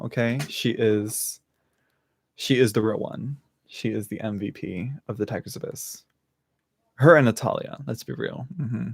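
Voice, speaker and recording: A man with a mid-range voice, recorded with no echo, hosts a live tarot reading stream. He chats casually, laughs often, and fills his speech with fillers while repeatedly restarting sentences.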